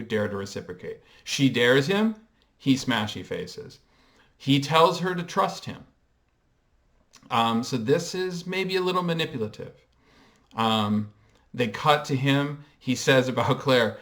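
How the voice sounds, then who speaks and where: A man's voice: medium pitch, a little slow, a bit bright. A man vlogging casual commentary in a reflective, hesitant way, with frequent ums as he explains and coins terms. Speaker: pop culture vlogger.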